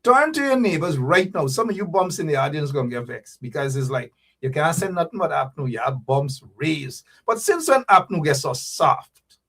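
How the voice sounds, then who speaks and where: A man hosting a livestream talk show, his voice slightly husky and pitched a little high. He swings up and down as he talks, teasing and calling out to viewers. His delivery is animated and direct. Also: normal speed.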